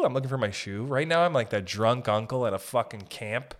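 A man's voice: mid-range voice, animated, a little fast. Canadian guy with a blocked nose, swearing a lot, joking around rambling on his podcast. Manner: rambling, profane, jokey. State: stuffy nose. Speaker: podcast host. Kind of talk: casual comedic monologue.

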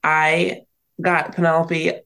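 A woman guest on a casual podcast, telling an animated story with lively quoted lines. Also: sits low, slow, creaky.

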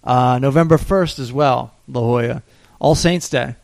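Gravelly, dry-voiced man hosting a podcast. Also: mid-range voice, a little slow, dry recording. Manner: loose, joking, swears casually. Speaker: podcast host, comedian. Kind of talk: casual podcast chat.

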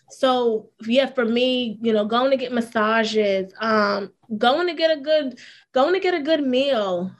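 A woman, a school counselor, talking candidly and with energy as a guest in a casual interview. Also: on the high side. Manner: candid, animated storytelling with fillers.

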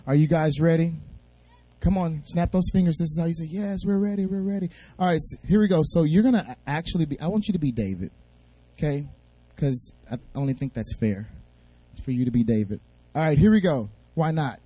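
A man speaking as a guest at a church service, telling a Bible story in a fast, playful way and drawing responses from the audience. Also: a little high, dark tone, dry recording.

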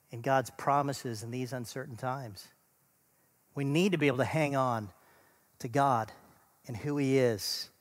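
A middle-aged man preaching a sermon, earnest, building to emphatic lists and then dropping to a soft, quiet close. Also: fairly high pitch, long reverb tail. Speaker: pastor.

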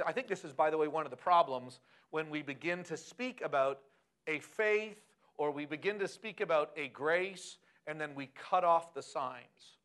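Animated man preaching with lively pitch. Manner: animated, asks the audience questions. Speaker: pastor. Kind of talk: sermon.

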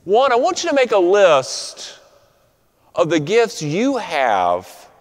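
A pastor preaching a sermon to his congregation, with a rhythmic, repetitive preaching cadence that slows on key phrases. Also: sits high, wildly swooping pitch. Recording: long reverb of a large room.

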